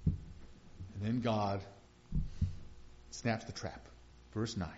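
A man's voice: fairly low pitch, steady tone, very slow, a little mellow, a little hiss or hum. A man preaching a sermon in a conversational way, chuckling now and then and rising into emphatic bursts. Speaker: pastor. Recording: dull lo-fi sound.

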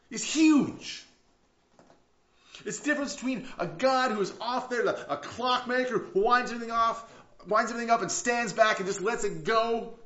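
A man preaching a sermon as pastor, telling a story emphatically and dropping to hushed tones. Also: high-pitched, animated, normal speed. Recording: echoey room, dull lo-fi sound.

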